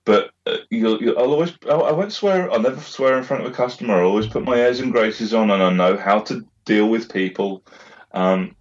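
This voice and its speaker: Deep-voiced, swearing middle-aged man. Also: brisk, muffled recording. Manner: rambling, swears freely, laughs a lot. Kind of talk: casual chat.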